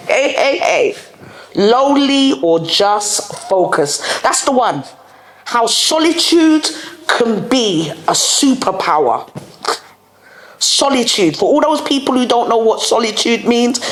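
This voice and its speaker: A woman's voice: fairly high pitch, roomy sound. A woman hosting a podcast, ranting candidly in slang and laughing often. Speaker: podcast host. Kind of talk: casual solo rant.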